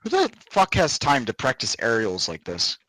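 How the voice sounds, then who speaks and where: A man's voice: mid-range voice, wildly swooping pitch, normal speed, a bit bright, rough recording. A man chatting casually while gaming, joking with crude banter.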